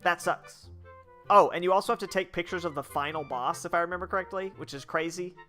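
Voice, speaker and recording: A man streaming a video game, chatting casually in a rambling, blunt way and swearing freely. His voice sits fairly high for a man. Faint game music runs underneath. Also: a little fast, bright, forceful tone. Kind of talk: casual gameplay commentary.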